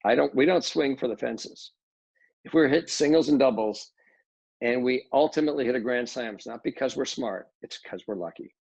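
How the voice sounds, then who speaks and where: A man's voice: medium pitch, moderate pace, creaky, a little mellow, breathy edge, no room sound. A middle-aged man, a real estate developer, talking casually in an interview with many restarts and fillers. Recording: dull lo-fi dry audio.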